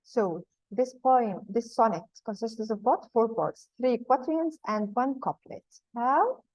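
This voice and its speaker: A woman teaching a class, slowing down to explain each term and repeating the key points. Her voice sits a little high. The recording is dull and lo-fi, with a dry close sound. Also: a little mellow, no room sound. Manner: patient, repeats key points, speaks slowly to explain terms. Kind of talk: classroom lesson.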